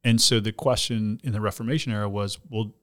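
A man's voice: on the low side, fairly even intonation, quick pace, a bit bright. A man, a pastor and podcast host, reading a listener letter and then explaining at length, with frequent restarts.

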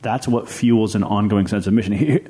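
A man with a fairly low, mellow voice talks through church ideas on a podcast. He is earnest and explanatory and often restarts his sentences as he thinks aloud. The tone stays casual and conversational. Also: moderate pace, slightly rough. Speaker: pastor and podcast co-host.

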